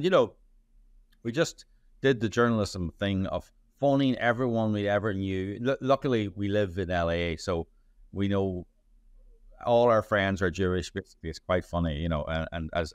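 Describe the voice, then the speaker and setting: A man's voice: on the low side, dry recording, clean studio sound. A man, a journalist answering interview questions in a rambling way, full of restarts and fillers. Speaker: journalist and playwright.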